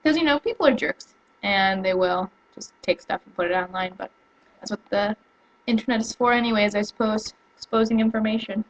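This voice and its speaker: A young woman chatting casually to camera at home, rambling and excitable, with lots of fillers and restarts. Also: mid-range voice, a little fast, muffled recording. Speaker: vlogger. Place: home room.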